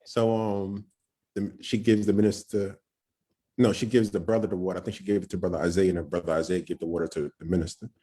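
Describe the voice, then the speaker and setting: A young man telling a personal story on a podcast, excited and nervous, acting out what others said and checking in with "right?". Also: low voice, fast talker, breathy edge. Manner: excited, acts out quoted voices, frequent "right?". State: nervous, shaking. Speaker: podcast guest. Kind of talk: storytelling testimony.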